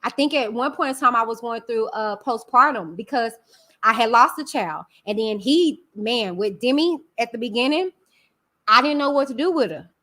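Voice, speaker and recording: A woman's voice: a little high, lively intonation, moderate pace, bright, forceful tone. A woman hosting a live stream, talking candidly and emphatically to her viewers, calling them y'all. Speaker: channel host.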